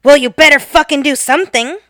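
A woman voicing an angry, rude little man who talks gruffly and bluntly, often yelling. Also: a little high, sing-song, normal speed, no echo, studio quality, exaggerated voice. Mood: yelling rudely.

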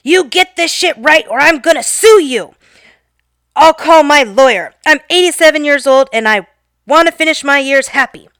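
Woman doing a yelling cranky old man. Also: sits high, lively intonation, moderate pace, no echo, studio quality. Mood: furious yelling. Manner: yelling, cursing. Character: shouting furious old man, 87, rude.

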